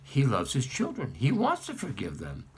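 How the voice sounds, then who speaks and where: A man's voice: medium pitch, huge pitch swings, moderate pace, slightly rough. A man speaking as a rabbi, giving a sermon built around a parable and putting questions to his listeners. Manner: storytelling, asks the listeners questions.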